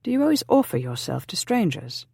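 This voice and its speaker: A narrator voicing a bold young noblewoman who speaks softly and throatily, in a dry recording. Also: mid-range voice, very animated, brisk, vocal fry, husky, dry recording, voice pushed up, exaggerated voice. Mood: pleading. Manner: soft, throaty, urgent.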